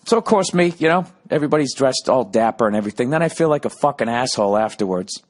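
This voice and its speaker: A man's voice: mid-range voice, animated, fast talker. A man hosting a podcast, telling a profane comic story in a ranting, sarcastic way and acting out arguments. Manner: ranting, sarcastic, heavy swearing, acts out both sides of arguments. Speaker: podcast host.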